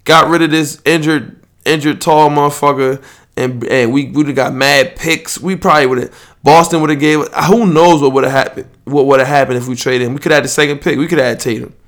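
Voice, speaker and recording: A man's voice: fairly high pitch, fairly even intonation, a little fast, fairly bright tone. A young man, hosting a podcast and rambling loosely and profanely in casual sports chat. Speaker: podcast host.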